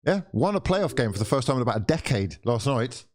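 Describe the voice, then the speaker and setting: Calling the action at a live football watchalong, this male host sighs, swears and plays up mock despair. His medium-pitched voice swings widely in pitch and moves at a quick pace through his live reaction and commentary on the match.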